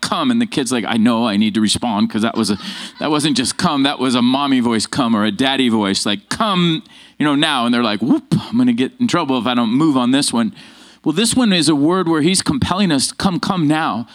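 A man preaches a Sunday sermon in a slightly raised pitch. He speaks with lively energy and calls on the congregation to answer him. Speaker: pastor. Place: church sanctuary with congregation.

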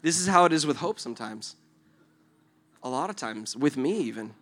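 Earnest, bright-voiced male preacher. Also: medium pitch, expressive, normal speed. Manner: earnest, conversational, keeps asking "right?". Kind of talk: sermon with acted illustration.

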